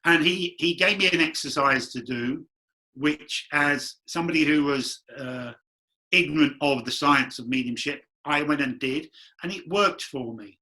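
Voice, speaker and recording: Man, medium guest, chatty storyteller, bright raised voice. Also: a little high, unhurried. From London. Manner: chatty, rambling anecdotes with acted quotes. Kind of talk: candid storytelling interview.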